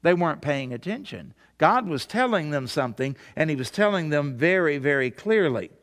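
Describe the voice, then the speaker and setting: Male pastor, sermon, slightly high voice, conversational, asks rhetorical questions, long hall reverb. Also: big pitch swings, normal speed, a bit bright.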